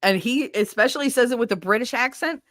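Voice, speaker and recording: A woman's voice: a little high, fast talker, a bit bright, no room sound, studio quality. A woman hosting a podcast from her bedroom at home, chatting casually with her live viewers, swearing freely and laughing often at herself. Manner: chatty and self-mocking. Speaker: podcast host.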